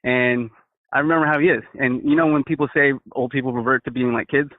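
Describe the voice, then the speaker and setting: A man's voice: mid-range voice, steady tone, fast talker, dry recording. A first-time male caller, eager and stammering, calling people "bro" and "dude". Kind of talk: casual phone call. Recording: phone line.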